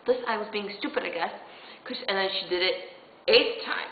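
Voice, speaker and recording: A woman's voice: medium pitch, normal speed. A girl of seventeen rambling through a personal story, retelling each exchange with "I'm like" and the odd swear word. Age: late teens. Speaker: vlogger. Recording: tinny echoey room recording, faint hiss.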